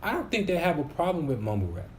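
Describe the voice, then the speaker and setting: A young man in his twenties co-hosts a casual podcast chat, pressing his opinions and circling back over his own words. His voice sits a bit high for a man, and a faint hiss runs under the recording. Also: huge pitch swings, fast, darkish tone. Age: 20s. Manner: opinionated, argues points with repeated restarts. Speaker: podcast co-host.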